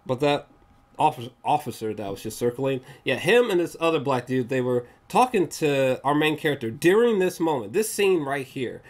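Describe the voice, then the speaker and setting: A man's voice: mid-range voice, lively intonation, normal speed. Rambling, swearing male movie reviewer. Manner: rambling, swears often, searches for pictures mid-talk; quotes scenes in raised voices and laughs.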